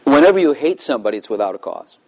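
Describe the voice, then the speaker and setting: A man's voice: medium pitch, sing-song, very fast, darkish tone, rough recording. An older man preaching a sermon in a loose, conversational way, asking the congregation questions and chuckling between points. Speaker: pastor.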